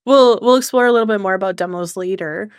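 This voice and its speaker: A woman hosting an interview in a relaxed way, asking questions with many "like" fillers. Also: mid-range voice, quick pace, smooth, no echo, studio quality. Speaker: host and VTuber. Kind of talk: casual interview chat.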